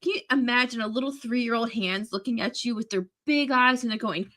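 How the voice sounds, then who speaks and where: A woman co-hosting a podcast, animated and laughing in casual chat, swearing now and then. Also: fairly high pitch, normal speed, hardly any pauses. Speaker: podcast co-host.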